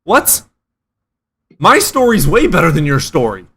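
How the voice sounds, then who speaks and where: A man's voice: a little high, wildly swooping pitch, a little slow, bright, forceful tone, slight background noise. A man hosting a casual debate chat, ranting and swearing freely. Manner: profane, ranting. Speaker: streamer host.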